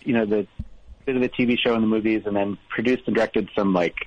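A man calling in to a radio show, a filmmaker chatting casually and quickly with lots of fillers. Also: on the low side, muffled recording, background noise. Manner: fast, relaxed, many fillers. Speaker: caller, filmmaker. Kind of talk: casual phone chat.

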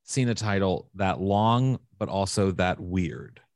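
A man's voice: low-pitched, animated, slow pace, darkish tone, no echo. Brief: male podcast co-host, campy and playful, close dry mic. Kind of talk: casual podcast chat.

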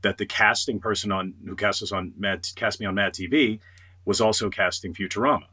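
A middle-aged man, a voice actor, telling stories in a casual interview, animated and quick to mimic others. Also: lowish voice, slightly rough. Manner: animated storyteller, quotes others in lively voices. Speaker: voice actor guest.

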